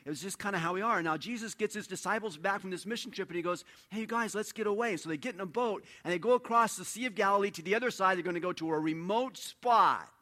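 A man preaching a sermon in an animated storytelling way, dropping to a hush and then rising loud. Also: high-pitched, fast, few pauses. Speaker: pastor.

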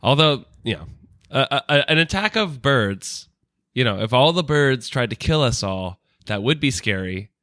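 Bright, animated man riffing on a bad movie. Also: mid-range voice, normal speed, no echo, studio quality. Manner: animated, laughing, swears casually. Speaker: podcast co-host. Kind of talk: casual movie commentary.

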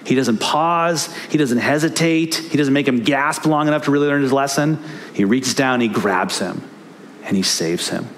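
A man's voice: medium pitch, moderate pace, slight background noise. A man preaching a sermon as pastor, earnest and emphatic, repeating key phrases for weight.

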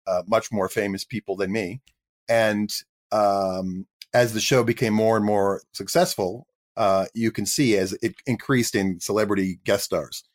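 A man in his fifties, a guest actor, telling career stories in a casual interview with a self-deprecating, chatty manner. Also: lowish voice. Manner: chatty, self-deprecating, slips into quoted voices.

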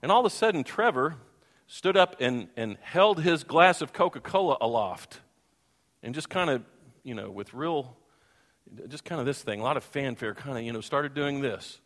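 A man preaching a sermon as a pastor, telling a story in an animated way and acting out the voices of the people in it. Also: mid-range voice, normal speed. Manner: animated, acts out voices and sings. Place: church hall. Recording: long hall reverb.

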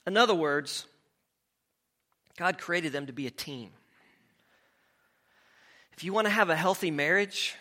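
A man's voice: fairly high pitch, bright, forceful tone. A man preaching a sermon in a conversational way, repeating words as he goes and asking the congregation questions. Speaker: pastor.

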